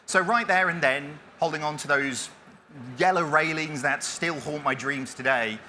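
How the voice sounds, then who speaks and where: A man's voice: on the high side, normal speed, pushed and bright, slight background noise. A man in his forties giving a self-deprecating conference talk, with many restarts as he tells his story. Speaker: keynote speaker. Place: conference stage.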